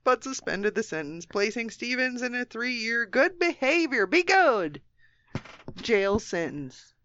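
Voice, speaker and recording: A woman's voice: a little high, very animated, slow pace, fairly bright tone, lo-fi sound, a little hiss or hum. American woman, sarcastic comic news reader. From United States. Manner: sarcastic asides, giggly. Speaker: radio show co-host. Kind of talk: comic news reading and banter.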